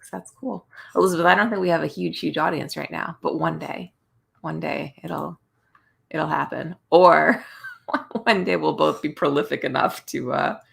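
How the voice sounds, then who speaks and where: Tired, gravelly-voiced woman chatting on a livestream. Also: deep voice. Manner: chatty, rambling, with frequent restarts and soft laughs. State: tired and yawning. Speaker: livestream host running writing sprints. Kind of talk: casual live stream chat.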